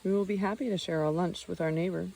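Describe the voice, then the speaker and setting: A woman's voice: lowish voice, steady tone, quick pace, creaky, dark tone. A woman reading the lines of a friendly, generous man who drives a car, in an audiobook. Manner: hospitable, generous.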